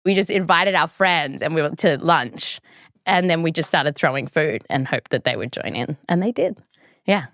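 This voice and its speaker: A woman's voice: low voice, lively intonation, moderate pace, a bit bright, dry recording, studio quality. An Australian woman hosting a podcast, telling a story in a chatty way with plenty of fillers. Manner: chatty, lots of likes and ums. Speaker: podcast host. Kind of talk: conversational storytelling.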